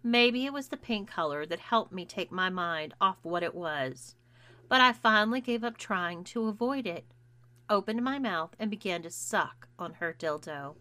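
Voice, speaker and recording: A woman narrating a first-person story in a measured, intimate reading. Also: mid-range voice, lively intonation, bright, forceful tone, no echo. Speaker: audiobook narrator.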